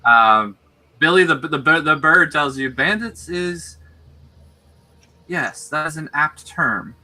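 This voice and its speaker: A man running a tabletop game as game master, talking in halting bursts full of fillers and restarts. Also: on the high side, animated, pushed and bright.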